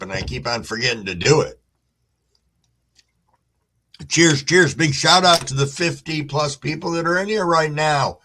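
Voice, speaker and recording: A middle-aged man hosts a casual livestream, greeting viewers by name and reading the chat aloud in a laid-back way. His voice is medium-pitched with a sharp tone.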